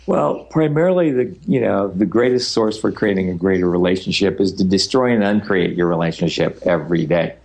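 Older man with a very deep voice. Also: brisk, vocal fry, few pauses, a little mellow. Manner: easygoing, rambling, teasing. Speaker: guest speaker and facilitator. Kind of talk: relaxed interview answers.

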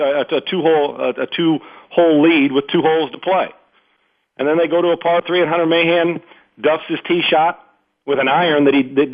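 A man hosting sports talk radio, rambling and emphatic, often repeating himself as he riffs. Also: fairly high pitch. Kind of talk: unscripted sports radio commentary. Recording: phone-like narrow band radio audio.

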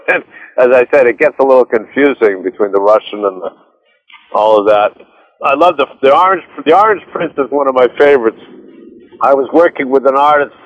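A man guest on an interview, rambling and animated, with restarts as he tells stories. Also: mid-range voice, muffled recording. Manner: rambling, animated storyteller with many restarts and laughs. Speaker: author and director, interview guest. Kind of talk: casual interview chat.

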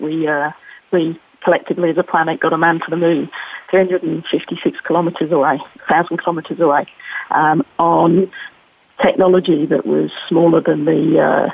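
A woman's voice: deep voice, gravelly, slightly rough. A woman speaking as a guest on a talk show, hesitant with many fillers. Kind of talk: casual business talk. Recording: tinny phone-like line.

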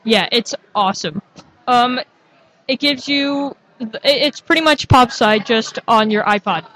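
A woman's voice: on the high side, measured pace, fairly bright tone, low-quality recording. A young woman co-hosting a casual tech chat, upbeat and giggly as she presents a gadget segment.

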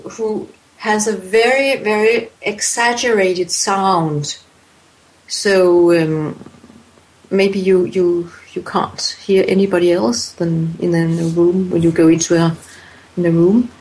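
Slow, hesitant woman explaining. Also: mid-range voice, steady tone, darkish tone, low-quality recording. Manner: hesitant, many fillers and restarts. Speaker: voice expert guest. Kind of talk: interview answers.

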